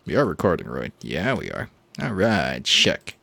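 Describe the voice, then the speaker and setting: A man's voice: rumbling low, sing-song, moderate pace, creaky, sharp tone, dry recording. A man hosting a gaming playthrough with casual, wry commentary. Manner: wry, joking asides. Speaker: host.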